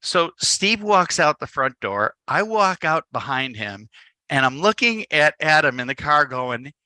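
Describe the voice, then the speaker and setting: A man's voice: on the high side, unhurried, dry recording. A man from the Chicago area, a photographer giving a talk to a live audience, telling a story and acting out the dialogue. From Chicago area, United States. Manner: lively storyteller who acts out the dialogue. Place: indoor event space.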